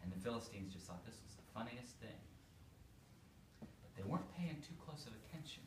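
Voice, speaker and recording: A man, a priest, telling a story to children in a playful, animated way. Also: fairly low pitch, fairly quick. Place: church hall. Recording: echoey room, far from mic, faint noise.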